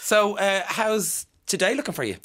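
A man's voice: sits high, fairly bright tone. A man with an Irish accent hosting a live radio show, chatting and teasing his guests in a casual interview. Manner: chatty, teasing, quick to laugh.

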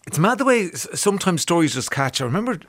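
An Irish man hosting a radio show in casual chat, enthusiastic and chatty, often pausing on "um" and restarting his sentences. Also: a little high, big pitch swings, fairly bright tone, dry recording. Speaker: radio host. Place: radio studio. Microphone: studio microphone.

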